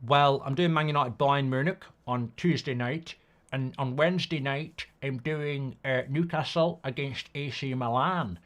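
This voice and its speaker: A man's voice: medium pitch, measured pace, fairly bright tone. A middle-aged man, hosting a football watchalong in a rambling, sweary, casual live-stream chat.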